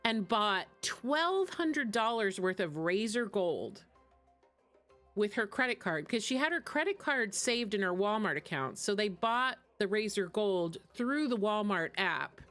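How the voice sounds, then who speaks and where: A woman's voice: mid-range voice, big pitch swings, a little slow, a bit bright, faint music behind. A woman streaming a game and chatting casually in a rambling way, laughing often between asides. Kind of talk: casual chat while gaming.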